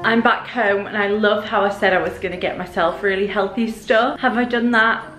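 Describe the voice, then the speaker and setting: A woman's voice: medium pitch, steady tone, normal speed, over loud music. A young woman with a British accent, under the weather, chatting casually to camera in a rambling, self-deprecating vlog. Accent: British English. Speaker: vlogger.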